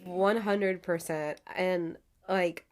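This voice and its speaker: A woman guest on a podcast, telling stories in a lively, blunt way with laughter and casual swearing. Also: fairly low pitch, drawn-out words. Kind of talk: casual interview chat.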